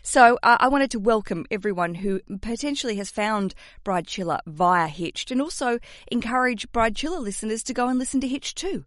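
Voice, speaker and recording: A woman's voice: on the high side, animated, normal speed, no room sound, clean studio sound. A woman hosting a podcast, chatty and self-mocking, rambling through her intro. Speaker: podcast host. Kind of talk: casual podcast chat.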